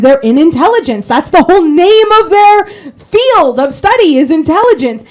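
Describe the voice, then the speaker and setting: Female co-host with a high voice who argues point by point. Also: a little mellow. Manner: argumentative, reasoning point by point. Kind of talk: political talk show.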